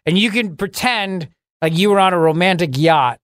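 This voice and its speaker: A man's voice: sits high, normal speed, fairly bright tone, no echo. A male radio talk show host bantering sarcastically, rambling and laughing at his own jokes. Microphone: studio microphone.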